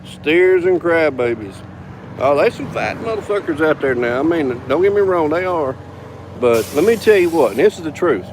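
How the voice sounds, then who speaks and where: A man's voice: on the high side, lively intonation, fairly quick, noisy background. A man telling a bar story casually, drawling, swearing freely and chuckling between lines.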